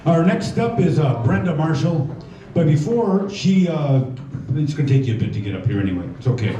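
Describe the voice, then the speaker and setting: A man's voice: on the high side, lively intonation, noisy background. Older man emceeing in an echoey hall. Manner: chatty, halting with many uhs. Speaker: emcee of a variety show. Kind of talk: live stage announcing. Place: community hall with an audience. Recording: echoey hall, distant lo-fi room mic.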